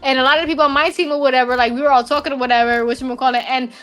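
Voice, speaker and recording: A woman's voice: sits high, fairly even intonation, racing, fairly bright tone, soft background music. A woman telling a casual story in a rambling way, full of fillers.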